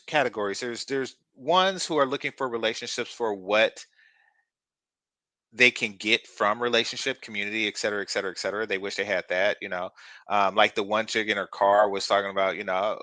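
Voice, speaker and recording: A man's voice: on the low side, a little fast, pushed and bright, no echo. A man hosting a reaction commentary channel, talking in a blunt, crude and mocking way.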